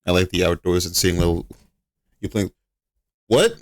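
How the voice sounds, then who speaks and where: A man's voice: low voice, moderate pace, no echo. A young man chatting on a live stream, a little sick and coughing now and then, laughing, swearing and playing up outrage at his chat.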